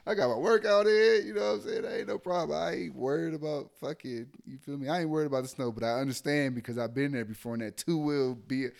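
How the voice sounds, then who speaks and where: A man's voice: on the high side, quick pace, creaky, hardly any pauses. A young adult man, an army sergeant, venting bluntly and profanely in casual chat.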